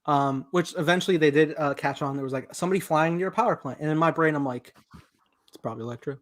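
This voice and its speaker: Man, casual film chat, upbeat, laughs a lot, somewhat high voice. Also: fast talker. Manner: excited, laughing, swearing. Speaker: podcast host. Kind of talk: casual movie review chat.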